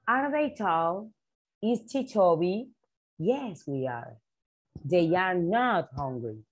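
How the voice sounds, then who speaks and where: A woman teacher, slowly repeating vocabulary words for young pupils in an English lesson. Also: lowish voice, animated, breathy edge. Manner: slow, repetitive drilling of vocabulary words. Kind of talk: online class for young children.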